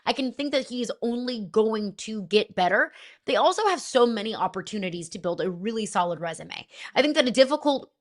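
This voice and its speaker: A woman's voice: fairly high pitch, expressive, fairly quick. A woman co-hosting a sports talk show, arguing her case emphatically and rattling off stats. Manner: emphatic, rhetorical, lists stats. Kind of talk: argued sports pitch.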